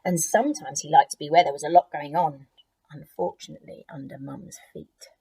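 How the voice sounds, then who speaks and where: A woman teacher reading a picture book aloud to children, expressive and gentle, with chatty asides. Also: deep voice, brisk, husky.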